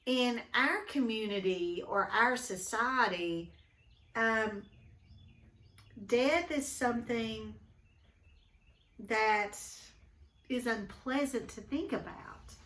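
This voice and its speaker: A woman's voice: a little high, a bit bright, roomy sound. A woman teacher, recording a lesson at home, talking thoughtfully with many ums. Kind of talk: recorded class lesson, reading and discussion.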